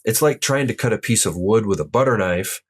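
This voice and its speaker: A man's voice: lowish voice, expressive, fairly quick, husky. A man teaching an online language lesson, explaining tone rules step by step and demonstrating each sound aloud. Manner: upbeat, addresses viewers directly. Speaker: Mandarin tone teacher.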